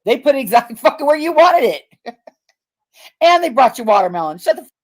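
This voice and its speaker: A woman's voice: high-pitched, very animated, fairly quick. A woman, co-hosting a livestream in casual, profane, mocking chat, acting out other people's words. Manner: profane, mocking, acts out quotes. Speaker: livestream co-host.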